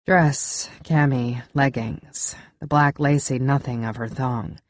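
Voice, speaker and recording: A woman narrates a first-person thriller audiobook in a low, measured, intimate voice. She is close on a studio mic. The sound is dry, with no room in it. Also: steady tone, no echo.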